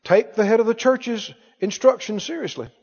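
High-voiced preacher in an echoing hall. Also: male voice, normal speed, darkish tone, slightly rough. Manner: emphatic, call-and-response leading. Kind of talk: sermon. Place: church sanctuary. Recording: dull recording in a reverberant hall.

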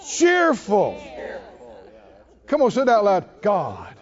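A man's voice: high-pitched, wildly swooping pitch, takes it slowly, pauses often, big-room sound, dull audio, a faint crowd. A man preaching a sermon, emphatic and calling out to the congregation. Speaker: pastor.

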